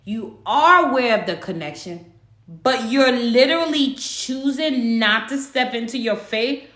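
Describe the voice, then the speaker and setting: Speaking at a measured pace, a spiritual livestreamer shares a personal story in an animated, emphatic way and swears freely. Her voice is bright, lively and somewhat high in pitch. The casual chat comes from an echoey room.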